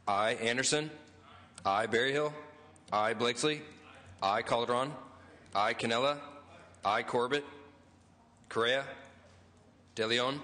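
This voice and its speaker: Slow clerk calling a roll. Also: male voice, medium pitch, pushed and bright. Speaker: reading clerk. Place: legislative chamber. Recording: long reverb of a large chamber.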